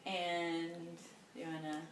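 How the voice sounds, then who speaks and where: A woman telling a story casually, animated and laughing often, with loud exclamations. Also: lowish voice, takes it slowly, slight background noise. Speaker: interviewee. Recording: echoey room, from a distance.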